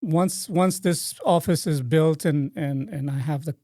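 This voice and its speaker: Halting male interview guest. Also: fairly high pitch, dark tone, no echo, studio quality. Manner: halting, with frequent pauses and restarts. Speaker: real estate broker, guest. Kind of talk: radio interview answers.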